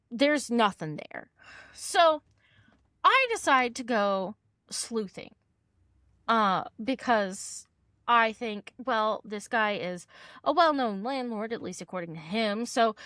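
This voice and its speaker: A woman co-hosting a casual podcast, spinning a story at an easy, unhurried pace. Her voice is bright and forward, and she animates the quoted voices as she goes. The sound is close and dry, with no room around it. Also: mid-range voice, no echo. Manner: animated, acts out quoted dialogue, laughs often. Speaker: podcast co-host.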